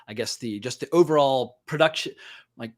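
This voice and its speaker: A man's voice: medium pitch, normal speed. A middle-aged man hosting a casual film talk over a video call. He chats, asks questions and often trips over his own words. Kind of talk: casual film discussion on a livestream.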